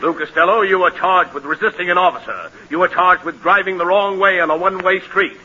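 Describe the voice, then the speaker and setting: A pompous judge, sharp and high, on dull old hissy radio. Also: male voice, a little fast. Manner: pompous, scolding. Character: stern pompous male judge. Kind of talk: 1940s radio comedy acting.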